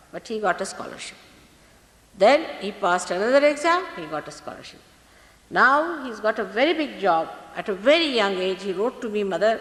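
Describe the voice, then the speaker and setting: Brief: woman spiritual teacher, animated storytelling voice, roomy hall with a long echo. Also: medium pitch. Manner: lively storytelling with repetitions. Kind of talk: spiritual talk to an audience. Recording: echoey hall archive recording.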